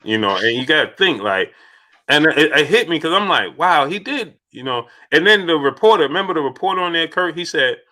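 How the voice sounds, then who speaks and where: A man hosting a casual live-stream chat, asking rhetorical questions and shouting out viewers by name. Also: on the high side, expressive, fairly quick. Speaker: host.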